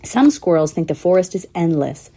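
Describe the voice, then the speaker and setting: A woman's voice: fairly low pitch, expressive, moderate pace, dark tone. A woman voicing a curious young squirrel full of wondering questions.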